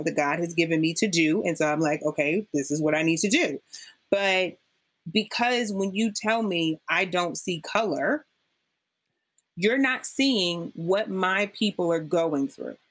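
A woman guest in a conversational interview, talking emphatically and acting out what people said to her. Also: fairly low pitch. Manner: emphatic, animated storyteller acting out quotes. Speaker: podcast guest.

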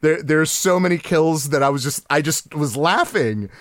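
A man co-hosting a casual podcast chat. He gets excited, laughs often, and restarts his sentences a lot. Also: fairly high pitch, normal speed, few pauses, dry recording. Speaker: podcast co-host.

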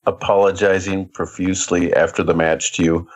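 A man with a fairly low voice, joking about himself as he chats on a podcast. His delivery is relaxed and conversational. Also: normal speed, poor audio. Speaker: podcast guest, wrestler. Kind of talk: casual chat.

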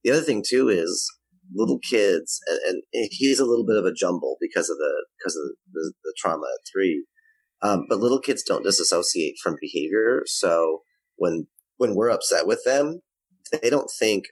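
A man's voice: deep voice, breathy edge, no echo, low-quality recording. A man, apparently a parenting coach, confidently explaining ideas with examples in conversation.

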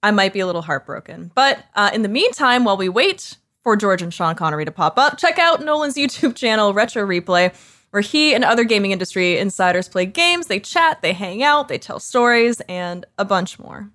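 A woman co-host speaking in a mid-pitched, upbeat voice as she closes out the chat. Her delivery is casual and friendly. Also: lively intonation, a little fast, a bit bright.

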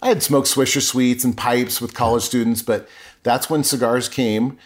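A man's voice: mid-range voice, fairly even intonation, normal speed. Earnest man telling his story. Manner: earnest and emotional, with frequent self-corrections. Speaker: podcast guest. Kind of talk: candid personal storytelling.

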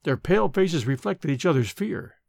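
A man's voice: on the high side, big pitch swings, moderate pace, vocal fry, darkish tone, no echo, studio quality. A man narrating a gothic ghost story aloud, reading expressively and dramatically.

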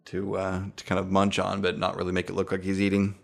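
A man's voice: deep voice, monotone, quick pace, vocal fry. A man playing a tabletop role-playing game, joking and playful. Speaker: player. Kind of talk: casual tabletop play.

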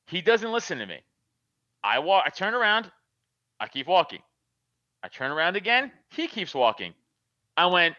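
A man's voice: high-pitched, very animated, normal speed, pauses often, bright, forceful tone, no echo, highs cut off. A man telling a profane, laughing story in casual chat.

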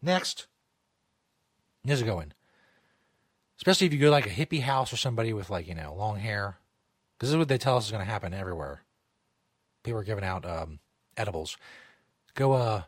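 A man's voice: on the low side, big pitch swings, moderate pace, long pauses, breathy edge, no echo. A man hosting a comedic talk show from a studio, rambling, jokey and profane. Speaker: host.

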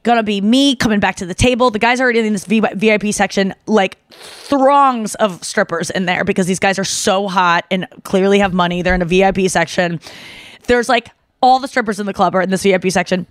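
A young adult woman hosting a podcast, telling a story casually and excitedly, with lots of "like" and acted-out quotes. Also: mid-range voice, fairly quick, dry recording, clean studio sound. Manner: animated, excitable, heavy use of "like"; acts out quoted voices. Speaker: podcast host.

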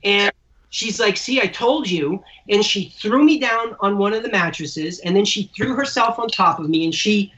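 A man who manages celebrities rambles through long anecdotes in casual talk over a remote call, often restarting as he goes. His high-pitched voice sounds pushed and bright at a moderate pace. The dull, lo-fi call audio carries slight background noise.

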